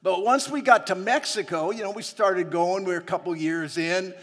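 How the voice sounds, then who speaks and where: A male preacher tells personal stories from the pulpit in a loose, chatty way. He laughs often between lines, and his voice sits somewhat high for a man. The sound carries a long reverb from a large hall. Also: moderate pace. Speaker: missionary preacher. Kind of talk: sermon with personal storytelling.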